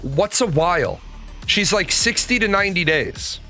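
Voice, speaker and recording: A man's voice: sits high, lively intonation, normal speed, sharp tone, soft background music. A young man telling a personal story as a rant, swearing and exasperated. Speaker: host.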